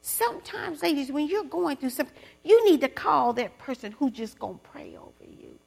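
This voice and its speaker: A woman giving a testimony sermon to other women. She swings from loud preaching to hushed whispers and calls on listeners to repeat after her. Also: high voice, lively intonation, moderate pace, gravelly. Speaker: speaker at a women's gathering.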